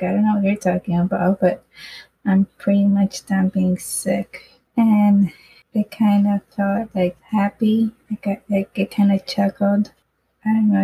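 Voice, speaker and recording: A woman's voice: medium pitch, gravelly, warm tone, a little hiss or hum, poor audio. A young woman rambling candidly through a personal story on a podcast, with lots of fillers and swearing. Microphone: phone mic.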